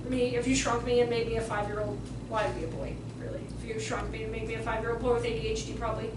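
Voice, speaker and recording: High-voiced sassy woman trainer, echoey room. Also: quick pace. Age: 40s. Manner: lively, sassy storytelling, acts out kids' voices. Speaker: behavior trainer. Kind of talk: workshop talk to childcare staff. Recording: echoey room, distant mic, faint noise.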